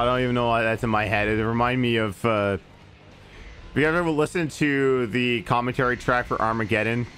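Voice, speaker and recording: There's slight background noise as a man with a somewhat bright voice chats his way through a game stream. It's casual let's-play talk, and he keeps veering into swearing-laced movie tangents with a swooping pitch.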